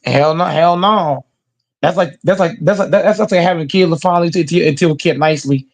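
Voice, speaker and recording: A man's voice: fairly high pitch, normal speed. Profane, fired-up man ranting about football. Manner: profane, emphatic, repetitive. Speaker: host reacting to football news. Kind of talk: casual sports rant.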